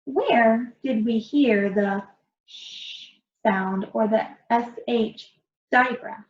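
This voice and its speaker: Slow, patient woman teaching phonics. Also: fairly high pitch. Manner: slow, patient, encouraging, stretches out sounds. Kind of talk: early reading lesson for young children. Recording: roomy, dull lo-fi sound.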